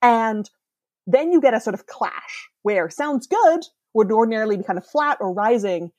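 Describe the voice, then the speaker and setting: A woman guest author talking through ideas on a podcast in a casual, explanatory way, with many fillers and quick asides. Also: a little high, expressive, darkish tone, no room sound.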